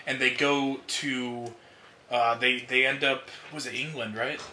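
A man's voice: medium pitch, little pitch movement, unhurried. A man telling a long rambling story in casual chat, swearing and laughing often. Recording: echoey room, faint noise.

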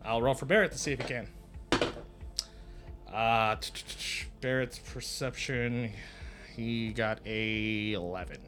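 A man narrating a tabletop game as game master in a casual, halting way. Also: mid-range voice, steady tone, over music.

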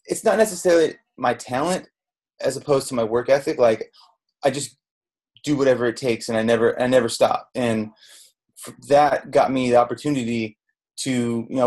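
A man's voice: mid-range voice, a little mellow. A middle-aged man from Southern California, a chef and podcast guest, telling his story candidly in a rambling way, with restarts and quoted dialogue. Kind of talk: candid storytelling in a casual interview. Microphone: podcast microphone.

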